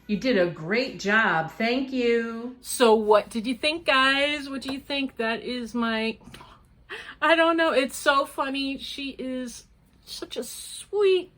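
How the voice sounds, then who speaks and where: A woman's voice: high-pitched, slow, a bit bright. An older woman, a grandmother, hosting a casual crochet vlog, chatty and rambling with frequent laughs. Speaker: crochet vlogger. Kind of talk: casual chat.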